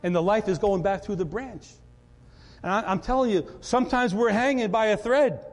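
Man preaching, animated sermon, high-pitched voice, long church reverb. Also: moderate pace. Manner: animated, repeats words when excited. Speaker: pastor.

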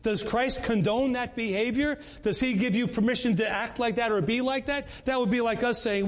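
A man's voice: extremely high pitch, fairly even intonation, normal speed, hardly any pauses. A man leading a Bible study in an earnest, conversational way, often repeating words and restarting.

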